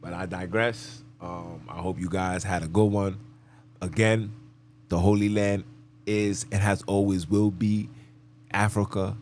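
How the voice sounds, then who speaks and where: A man's voice: low voice, fairly even intonation, measured pace, a little mellow, a little hiss or hum. A man hosting a live podcast monologue, talking emphatically and preachily and repeating his phrases. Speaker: podcast host.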